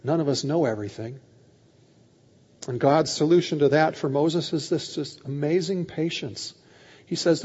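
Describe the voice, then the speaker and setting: A male pastor preaches a sermon, retelling scripture in lively, casual paraphrase and giving animated voices to God and Moses, often repeating words as he begins sentences. His husky voice is a little high, at normal speed. The sound is dull and lo-fi with long hall reverb.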